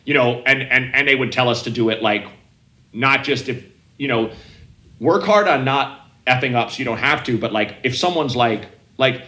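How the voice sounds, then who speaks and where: A man's voice: mid-range voice, normal speed, bright, forceful tone, reverberant. A man in casual chat, telling rambling stories with many restarts and acted-out quotes.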